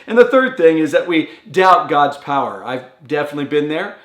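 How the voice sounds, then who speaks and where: A man gives an earnest, conversational devotional talk in a slightly higher voice. He acts out quoted prayers with a rising pitch, and the room adds a noticeable echo. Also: big pitch swings, fairly quick, a bit bright. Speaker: pastor.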